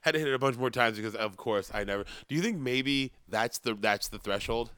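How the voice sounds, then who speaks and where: A man's voice: mid-range voice, brisk, fairly bright tone, clean tone, dry recording. A man co-hosting a podcast, teasing his co-host with crude, jokey banter. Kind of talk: casual chat.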